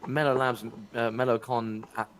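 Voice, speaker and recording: A man's voice: mid-range voice, level tone, moderate pace. A man on a voice call, chatting casually and jokily, reading out viewer messages. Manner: jokey, reads out chat messages. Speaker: friend on a call reading chat. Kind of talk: casual chat. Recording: noisy background.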